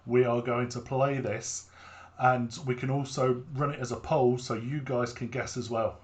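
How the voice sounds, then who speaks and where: A man's voice: medium pitch, steady tone, moderate pace. A man from the United Kingdom chats casually as a podcast co-host. He talks bluntly and teases the others, with the odd swear word. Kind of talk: casual chat.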